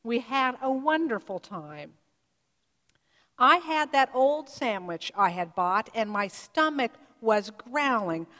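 A woman preaching, retelling a story in a measured, vivid way. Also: on the high side, expressive, sharp tone. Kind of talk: sermon storytelling. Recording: reverberant hall.

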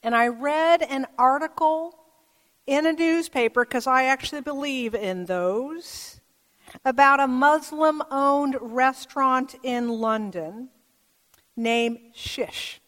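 A woman pastor giving a sermon in a church, telling stories in a gentle, measured way. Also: high voice. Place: church sanctuary. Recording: long church reverb.

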